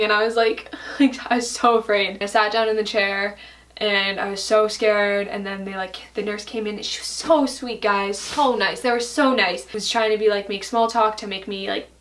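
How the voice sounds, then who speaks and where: A woman's voice: mid-range voice, a bit bright, far from the mic. A young woman vlogger telling a personal story to camera in a chatty way, full of fillers and "like". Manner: chatty, fillers, many likes.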